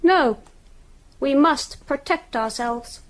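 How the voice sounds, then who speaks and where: A woman voicing an icy, high-pitched uncanny child. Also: slow. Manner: flat, clipped, icily condescending. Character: cold, superior, unnerving child speaking for a group. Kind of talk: radio drama acting.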